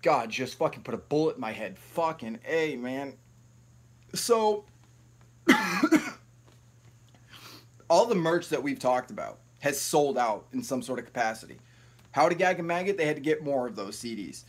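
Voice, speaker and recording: A man's voice: medium pitch, lively intonation, normal speed, long pauses. A man hosting a live stream, ranting in a rambling, profane, heated way.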